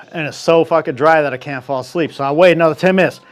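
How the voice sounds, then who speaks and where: A man with a slightly high voice tells a long story alone on his podcast. He swears constantly and keeps the telling loose and animated. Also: fast. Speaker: podcast host. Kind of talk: casual solo storytelling.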